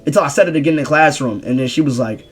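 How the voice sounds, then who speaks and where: Husky young man telling a slangy story. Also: rapid-fire. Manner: slangy and profane, bursts of loud high exclamations between low mumbled asides. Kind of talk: casual storytime rant.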